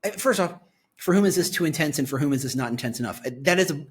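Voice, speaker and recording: A husky-voiced man reacts to a company's website as he clicks through it, reading lines aloud and then breaking into commentary. His pitch sits a little high and swings widely, leaping up whenever something delights him. It sounds like he is talking into a desktop mic while recording his screen. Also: fast. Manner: excitable, reads site copy aloud and reacts. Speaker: employer branding commentator. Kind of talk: screen-share website review.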